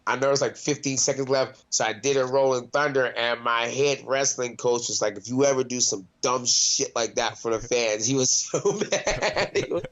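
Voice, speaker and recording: A man's voice: medium pitch, normal speed, hardly any pauses, a bit bright, muffled recording. A man, a mixed martial arts fighter, chatting casually in an interview, loose and profane with lots of laughs and restarts. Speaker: MMA fighter, interview guest.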